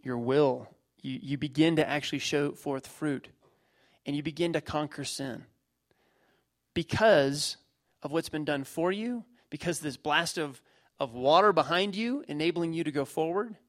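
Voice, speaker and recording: Middle-aged male pastor, slightly high voice, emphatic sermon delivery with repeated phrases. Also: measured pace. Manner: emphatic, repeats phrases, lively preaching with everyday illustrations.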